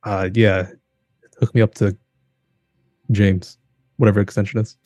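A man's voice: fairly low pitch, flat delivery, a little slow, a little mellow, no echo, faint music behind. A man taking part in a tabletop game in character, speaking tersely and matter-of-factly. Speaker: player.

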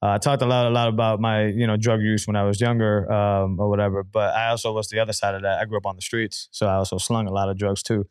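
Fast-talking candid man on a podcast. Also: fairly low pitch, level tone, clean tone, no echo, studio quality. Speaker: podcast host and guest. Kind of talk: casual podcast conversation.

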